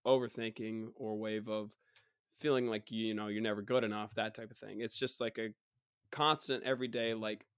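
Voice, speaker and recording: A young man hosting a casual solo podcast. His voice is partly worn out from illness, and he rambles in an animated way. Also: lowish voice, moderate pace, smooth, no room sound, clean studio sound. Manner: rambling and animated, mocking others in put-on voices. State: recovering, voice partly gone. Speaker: podcast host.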